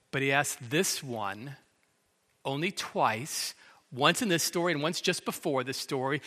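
Middle-aged man, pastor; sermon, dramatic storyteller who acts out quotes; slightly higher voice; reverberant church hall. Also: bright, forceful tone.

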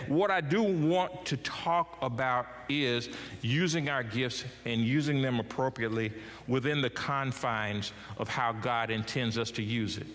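A middle-aged man preaching a sermon as pastor, swinging his pitch and loudness widely as he talks. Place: church sanctuary. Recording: church hall with long reverb.

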